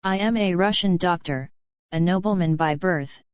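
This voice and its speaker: A woman's voice: fairly low pitch, moderate pace, dry recording, dull audio, close to an everyday voice. A woman playing an indignant pompous doctor. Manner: emphatic, indignant. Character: pompous middle-aged male doctor.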